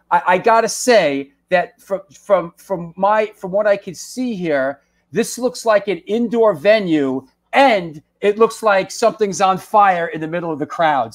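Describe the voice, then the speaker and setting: High-voiced stammering stream host. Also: male voice, animated, measured pace. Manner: stammering, playful, reads out viewer questions. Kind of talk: live-stream interview hosting.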